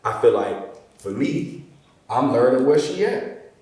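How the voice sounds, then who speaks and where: A man's voice: mid-range voice, unhurried. Laid-back man, echoey room, far mic. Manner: relaxed, rambling, frequent "bro" and "you know". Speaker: podcast host. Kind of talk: casual conversation. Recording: roomy echo, mic at a distance.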